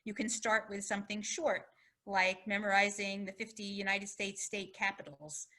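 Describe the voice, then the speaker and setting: A woman's voice: mid-range voice, steady tone, moderate pace, sharp tone. A woman physician giving a public health lecture, explaining in a conversational way and telling short anecdotes.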